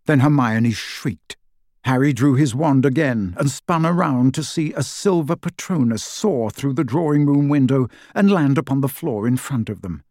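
A man narrating a fantasy novel in a steady, measured storytelling voice. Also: mid-range voice, no echo, studio quality. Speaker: audiobook narrator. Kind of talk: scripted narration.

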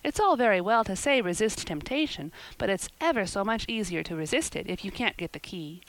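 A woman's voice: mid-range voice, lively intonation, a little fast, close to an everyday voice, poor audio. A woman voicing a chatty, imaginative young girl in a story reading, talking eagerly in long run-on sentences. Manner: eager, run-on, wordy talk.

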